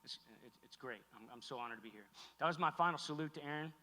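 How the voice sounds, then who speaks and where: A middle-aged man giving an emotional keynote speech on stage, halting and heartfelt, with many restarts. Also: on the high side, bright, forceful tone. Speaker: keynote speaker. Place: large hall on stage. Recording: echoey hall recording.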